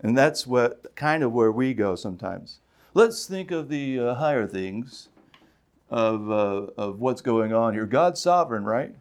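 A man preaching a sermon in a conversational way, asking his listeners rhetorical questions and rising loudly on emphatic points. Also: mid-range voice, animated, unhurried. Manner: conversational, with fillers and restarts. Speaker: pastor.

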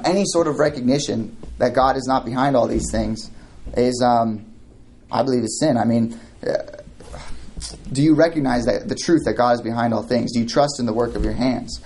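A man delivering a sermon, talking in a conversational way with many restarts and asides. His voice is of middling pitch for a man. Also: darkish tone. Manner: mock voices for quoted idolaters. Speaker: pastor.

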